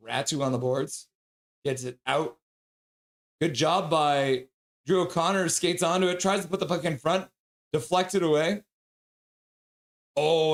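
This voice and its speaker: A man hosting a live fan stream, calling the game play by play at home, crying out at big plays and cooing in baby talk at his dog in between. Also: fairly high pitch. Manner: excitable, cries out at big plays. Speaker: livestream host calling the game.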